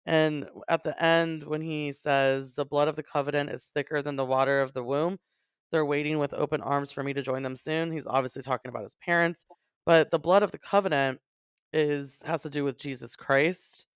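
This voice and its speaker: A woman's voice: low voice, fairly even intonation, moderate pace, smooth, dry recording, clean studio sound. A woman co-hosting a podcast, talking earnestly and with feeling about song lyrics and her late parents. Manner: emotional, voice breaking near tears. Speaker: podcast co-host. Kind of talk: casual chat about an album.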